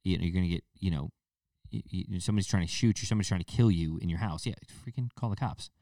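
A man's voice: deep voice, steady tone, very fast, gravelly, dark tone, no echo, studio quality, far from the mic. A man hosting a casual solo podcast, rambling with restarts and fillers and now and then mocking people in a put-on baby voice. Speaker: podcast host.

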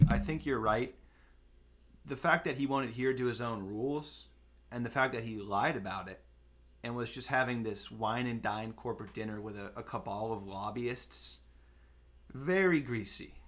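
A young man hosting a comedy podcast, delivering deadpan, mock-pompous rants. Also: medium pitch, normal speed. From Los Angeles. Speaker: podcast host.

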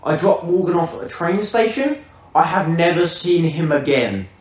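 A man's voice: on the high side, expressive, moderate pace. A man hosting a podcast who tells a vivid, swear-laden comic story in casual chat. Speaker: podcast host. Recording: roomy, distant mic.

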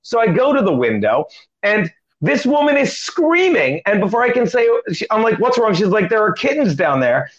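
A middle-aged man with a fairly high voice tells a rambling comic story as an interview guest. He jumps between asides and acted-out quotes. The recording sounds dull and lo-fi. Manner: animated, quick joking delivery with acted quotes. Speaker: comedian guest.

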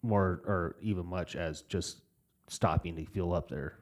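A man's voice: low voice, measured pace. A young man in casual podcast chat, cursing freely and rambling through stories. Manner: profane, rambling storyteller. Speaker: podcast co-host.

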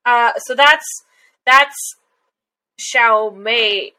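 A woman's voice: a little high, extremely slow, sharp tone, low-quality recording. A young woman co-hosting a casual podcast chat, rambling with lots of fillers and giggles. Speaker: podcast co-host. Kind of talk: casual chat recapping an anime episode.

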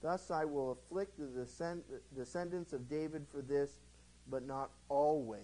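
A man's voice: on the high side, unhurried, poor audio. Conversational man teaching the Bible. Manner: conversational, animated, acts out quotes. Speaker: pastor.

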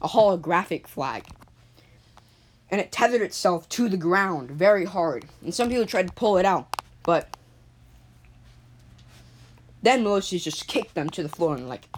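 A woman with a somewhat low voice tells an improvised story in a loose, rambling way. She backtracks and restarts often, and keeps clearing her throat from a cough. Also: lively intonation, moderate pace, pauses often, a little hiss or hum. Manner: rambling, many fillers and restarts.

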